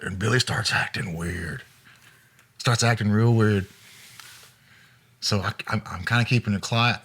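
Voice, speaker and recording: A man, a former road manager, telling road anecdotes in a relaxed interview with frequent chuckles. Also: mid-range voice. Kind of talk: storytelling interview.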